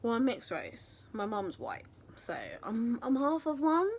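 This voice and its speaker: A woman's voice: fairly high pitch, big pitch swings, a little slow, husky. A woman, telling a story in a casual vlog, chatty and self-mocking with some swearing. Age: 20s. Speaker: vlogger and actress.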